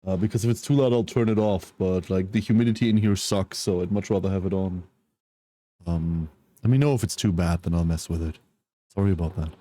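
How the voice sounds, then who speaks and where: A man chatting casually on a livestream, groggy from a nap, speaking softly and apologetically as he greets viewers one by one. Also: low voice, brisk, no room sound. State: groggy, just woke from a nap. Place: at home, wrapped in a blanket.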